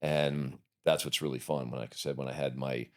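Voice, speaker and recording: A man's voice: a bass voice, fairly even intonation, a little fast. A middle-aged man and podcast guest, telling rambling, profane anecdotes in a casual interview.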